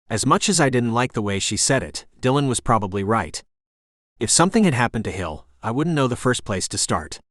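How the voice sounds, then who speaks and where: A man narrating a romance audiobook in the first person with steady, intense storytelling on a close studio mic. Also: medium pitch, fairly quick, no room sound.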